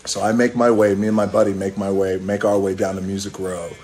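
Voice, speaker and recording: Through a phone camera with slight background noise, a middle-aged man with a deep, darkish, level voice briskly tells a rambling story to his livestream. He swears casually and bursts into bits of song along the way.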